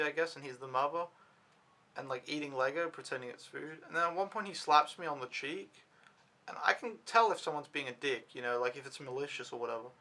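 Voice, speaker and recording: A young Danish man working as an au pair rambles through a casual vlog recap, full of fillers and free swearing. His voice is on the high side, pushed and bright.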